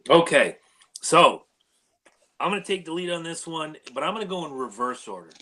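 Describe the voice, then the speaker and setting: A man's voice: on the high side, lively intonation, normal speed, pushed and bright. A man co-hosting a casual motorsport podcast, talking in a chatty, opinionated way. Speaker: podcast co-host. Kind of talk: casual sports podcast chat.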